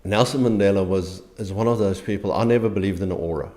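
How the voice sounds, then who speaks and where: A middle-aged man from South Africa with a South African accent, an interview guest speaking earnestly and haltingly, with frequent restarts. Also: low voice, warm tone. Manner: earnest, halting, many restarts and repeated words. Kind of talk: conversational interview.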